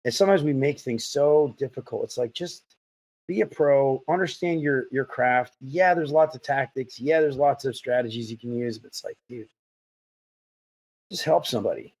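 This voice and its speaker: A man's voice: medium pitch, moderate pace. Rambling male podcast host. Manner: rambling, animated storytelling. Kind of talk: casual interview chat.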